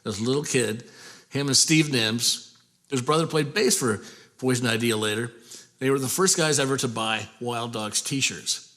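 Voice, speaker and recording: A man from Portland, Oregon, a metal singer, telling a rambling, animated story in casual talk and acting out the lines of the people in it. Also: mid-range voice, normal speed. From Portland, Oregon, USA. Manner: rambling, animated, acts out quoted dialogue.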